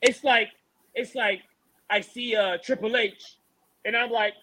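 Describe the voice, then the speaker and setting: A man co-hosting a fight preview show, ranting in an animated, mocking and exasperated way. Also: very high voice, unhurried, a little hiss or hum, low-quality recording. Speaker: MMA show co-host.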